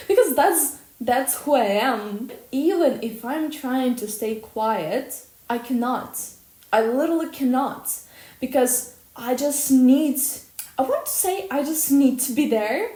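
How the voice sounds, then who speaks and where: Loud, blunt young woman vlogging. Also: on the high side. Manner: loud, blunt and expressive, swears freely. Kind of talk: personal vlog monologue. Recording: echoey room.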